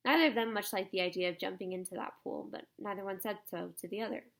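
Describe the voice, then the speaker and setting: A woman narrating a children's storybook aloud in a soft, measured way. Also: medium pitch, vocal fry. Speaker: audiobook narrator.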